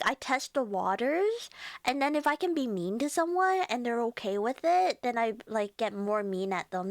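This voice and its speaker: Bubbly young woman streamer, lively pitch. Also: dry recording, clean studio sound. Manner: bubbly, giggly, reading chat aloud. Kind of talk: casual live-stream chat.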